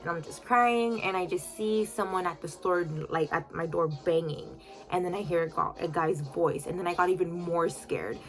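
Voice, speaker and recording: Woman, storytime vlog, chatty, emotional, fillers, lowish pitch, faint music. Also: moderate pace. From United States. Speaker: boutique owner telling a story to followers.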